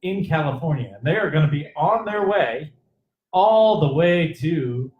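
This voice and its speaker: A man's voice: a little high, animated, measured pace, echoey room, lo-fi sound. A man co-hosting a comedy show, delivering a mock-serious weather report and chuckling often.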